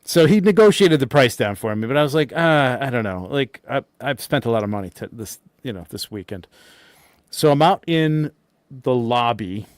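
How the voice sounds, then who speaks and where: A man's voice: mid-range voice, lively intonation, moderate pace, dry recording, clean studio sound. A man co-hosting a podcast, telling a convention story in casual chat, rambling and laughing as he acts out quotes. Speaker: podcast co-host.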